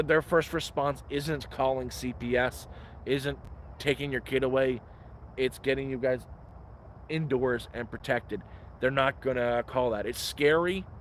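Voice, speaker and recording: Walking around his camp in the woods, a man talks into his phone during a casual live stream, handing out frank, profane advice. His mid-range voice is a bit bright, with a little hiss or hum in the recording.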